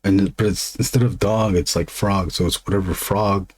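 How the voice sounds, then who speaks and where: Low, slightly raspy man; loose, rambling chat with restarts while he draws. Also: steady tone, normal speed. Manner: meandering, lots of fillers and restarts. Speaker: illustrator streaming his drawing.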